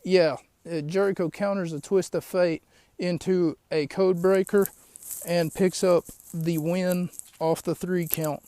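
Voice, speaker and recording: A man's voice: high voice, steady tone, measured pace, dark tone, no room sound. A man hosting a podcast, recapping a show in a rambling, chatty way with lots of asides. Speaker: podcast host. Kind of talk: casual recap of a wrestling show.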